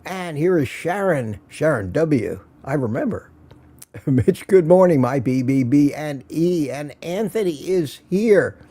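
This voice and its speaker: Hosting a laid-back morning livestream from his home studio, this man speaks a little slowly in a voice on the high side, dark and breathy at the edges. He's expressive and chatty, welcoming viewers by name and reading their comments out with jokes.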